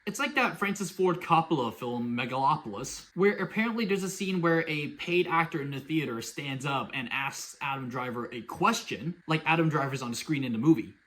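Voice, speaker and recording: A man's voice: on the high side, slight background noise. A man hosting a casual commentary vlog, talking in a sarcastic, exasperated way. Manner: sarcastic, exasperated, lively storytelling. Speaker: YouTube commentary host.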